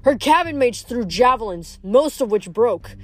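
A woman reading a novel aloud in a plain, steady way, stumbling now and then and correcting herself. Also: on the high side, moderate pace, dry recording. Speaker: audiobook reader.

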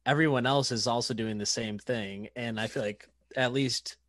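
A man co-hosts a podcast in an earnest, supportive way. His voice is at an ordinary middle pitch and sounds dry and close, with no room echo. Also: steady tone, normal speed, fairly bright tone. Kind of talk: casual podcast banter.

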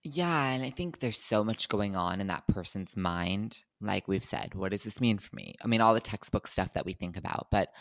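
A woman's voice: extremely low pitch, animated, moderate pace, hardly any pauses, no room sound. A woman co-hosting a podcast, telling candid personal stories in casual chat. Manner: candid, storytelling with asides.

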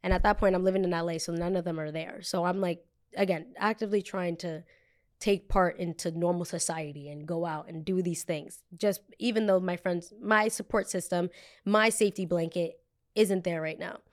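A woman's voice: on the low side, normal speed. A young woman hosting a podcast, chatting casually as she tells a story and leaning heavily on "like". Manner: chatty, heavy use of "like", animated retelling. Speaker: podcast host.

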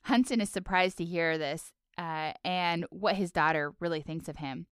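A woman's voice: fairly low pitch, moderate pace, smooth, no room sound, studio quality. A woman co-hosting a podcast, casually recapping a cartoon episode and playfully acting out character lines. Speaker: podcast co-host.

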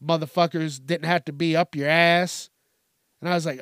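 A man's voice: a little high, flat delivery, normal speed, fairly bright tone, smooth, no echo, clean studio sound. Profane, rambling male comedy ranter. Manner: rambling, swears constantly, laughs at his own jokes. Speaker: podcast host.

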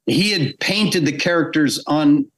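A middle-aged man telling a long, lively anecdote as a guest in a podcast interview, acting out the voices of the people he quotes. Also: fairly high pitch, a little slow. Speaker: guest animator.

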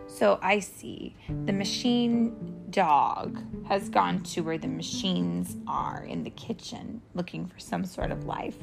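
Slow, lively woman reading a storybook. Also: fairly low pitch, gravelly. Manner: animated, playful, questioning. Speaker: parent reading a picture book to a child. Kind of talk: storybook read-aloud with questions.

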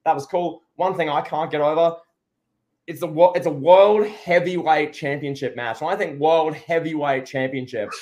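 A man with a fairly high voice talks casually through a wrestling show as a podcast co-host. He rambles and restarts his sentences, then turns sarcastic. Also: fairly even intonation, normal speed, a little mellow. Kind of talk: casual wrestling review chat.

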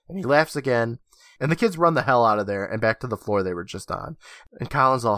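Clean studio audio with no room sound captures a man co-hosting a podcast, animatedly walking through an episode scene by scene and performing the characters' lines. His voice is mid-range and his speed normal.

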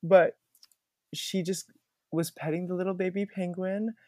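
A man's voice: high-pitched, a little slow, no echo, clean studio sound. Earnest young man telling stories. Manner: earnest, animated storyteller, grateful tone. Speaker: guest, former theme park puppeteer. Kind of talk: conversational podcast interview.

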